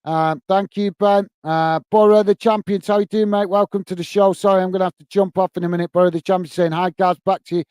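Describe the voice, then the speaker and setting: A man hosting a live stream, reading viewers' comments in a hurried, chummy way full of fillers, calling everyone mate. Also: high voice, flat delivery, darkish tone, clear, resonant tone, no echo. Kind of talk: casual live-stream chat.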